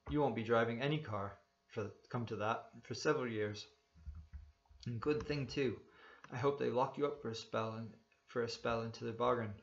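A man's voice: mid-range voice, fairly even intonation, moderate pace, vocal fry, lo-fi sound, slight background noise, close to an everyday voice. A man reading a story aloud, voicing a stern, bullying motorcycle policeman who barks and snaps his questions. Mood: gloating threat. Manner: barking, sharp, snapping.

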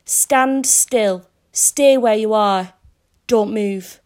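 A woman's voice: medium pitch, extremely slow, a little mellow. A woman voicing a cold, metallic robot police car that barks curt commands and questions in a storybook reading. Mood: commanding. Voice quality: metallic, hissing.

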